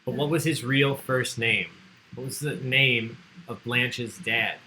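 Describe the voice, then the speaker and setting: Man, trivia host, very bright tone, casual and joking, light background noise. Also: mid-range voice, takes it slowly, poor audio. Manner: chatty, joking, reads out answer lists. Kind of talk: casual livestream trivia hosting.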